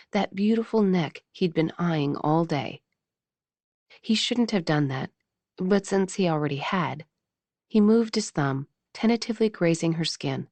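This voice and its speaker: A woman narrating a romance audiobook in a measured, intimate reading style on a close mic. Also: on the low side, darkish tone, no echo.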